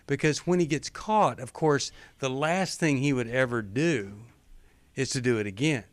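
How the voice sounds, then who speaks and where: A middle-aged man hosts a call-in advice show in a dry studio, with a voice of ordinary pitch. He talks directly and coaches the caller, now and then quoting others in short acted lines. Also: normal speed, no echo. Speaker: radio show host. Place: radio studio.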